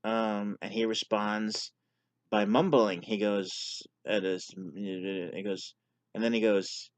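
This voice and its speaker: A man's voice: lowish voice, steady tone, slow pace, dry recording. A man casually telling a personal story on his vlog, candid and self-deprecating. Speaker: vlogger sharing his story.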